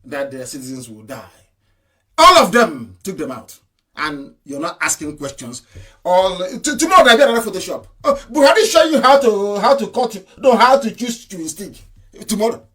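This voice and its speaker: A man's voice: on the high side, a bit bright. Fiery man giving a political broadcast. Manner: fiery, emphatic, rhetorical questions and repetition. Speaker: activist broadcaster.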